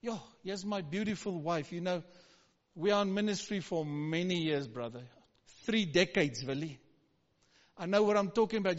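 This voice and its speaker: A man's voice: high-pitched, animated, normal speed. A middle-aged male pastor preaching a sermon with emphatic call-and-response, urging the congregation to answer. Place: church hall. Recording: dull recording with long hall reverb.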